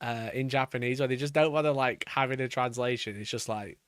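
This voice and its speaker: A man's voice: medium pitch, a little fast, fairly bright tone, clear, resonant tone, no room sound, studio quality. A man reacting live to a video for his chat, mocking and swearing with bursts of laughter.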